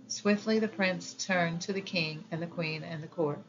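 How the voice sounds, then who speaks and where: A woman narrating a children's fairy tale audiobook in a measured, gentle storytelling manner. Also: on the low side, steady tone, muffled recording, slight background noise.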